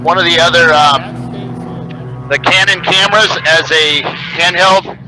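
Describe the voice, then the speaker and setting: A man's voice: on the high side, steady tone, slow pace, bright, forceful tone, faint music behind, poor audio. A man on a race broadcast crew, chatting and joking loosely while he sets up cameras. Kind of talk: casual chat over the broadcast.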